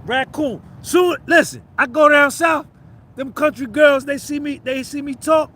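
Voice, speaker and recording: A man's voice: extremely high pitch, unhurried, pushed and bright. A man with a New Jersey accent, hosting a casual livestream and rambling with viewers in profane banter. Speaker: livestream host.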